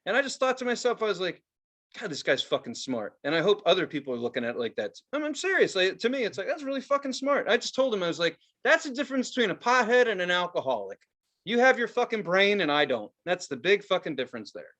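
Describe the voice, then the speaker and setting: With a high-sitting voice and fast delivery, a young adult man co-hosts a podcast. He spins animated stories in casual chat, swearing freely and voicing the quotes.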